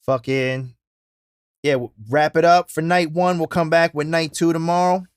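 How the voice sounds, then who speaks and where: Young male podcast host, brash and profane storyteller, voice a bit high, dry booth sound. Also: steady tone, normal speed, clean tone, dry recording. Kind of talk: casual chat.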